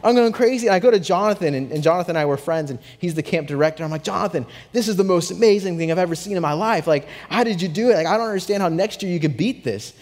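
A young adult man preaching a sermon, telling a story with animated swings from hushed to excited. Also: high-pitched, fast talker, hardly any pauses. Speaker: pastor. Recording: long hall reverb.

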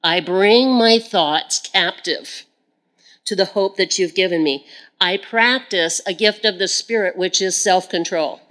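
A woman's voice: mid-range voice, unhurried, a bit bright, poor audio. Earnest woman preaching, praying aloud. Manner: earnest, turning to prayer aloud to God; repeats phrases for emphasis. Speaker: Bible teacher. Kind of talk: sermon.

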